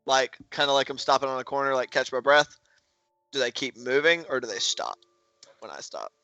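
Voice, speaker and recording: A man's voice: mid-range voice, big pitch swings, fairly quick, creaky, pushed and bright, no echo, muffled recording, soft background music. Chatty man playing a tabletop game. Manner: chatty, hesitant, laughs often. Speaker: player. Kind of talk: casual tabletop play.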